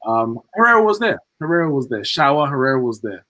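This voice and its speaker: A man giving animated, joking football opinions as a podcast co-host. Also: medium pitch, quick pace, no echo, low-quality recording. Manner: animated, joking, uses fillers. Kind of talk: casual chat.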